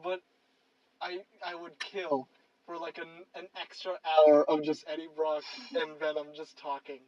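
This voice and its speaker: A man's voice: on the high side, little pitch movement, measured pace, a little mellow, far from the mic, muffled recording. A man co-hosting a podcast, chatting casually about movies in a rambling way with many fillers. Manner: rambling, lots of fillers and laughs. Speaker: podcast co-host. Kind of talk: casual movie review chat.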